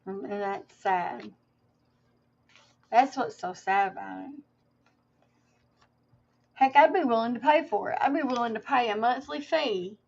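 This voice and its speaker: A woman's voice: a little high, measured pace, pauses often, a little mellow. Rambling woman on a lo-fi livestream. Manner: rambling, emotional, many fillers and restarts. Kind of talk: casual livestream talk to viewers.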